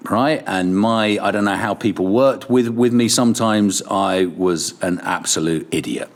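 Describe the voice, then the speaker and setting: A man's voice: on the low side, a little slow. A middle-aged man, a radio presenter and podcast guest, telling casual, self-deprecating stories. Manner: animated, self-deprecating storyteller.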